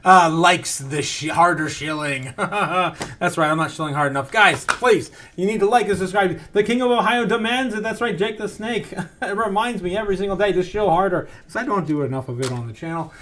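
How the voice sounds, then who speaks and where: A man hosting a casual livestream, reading chat aloud, laughing often and getting excitable. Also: high voice, brisk, slight background noise. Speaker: host.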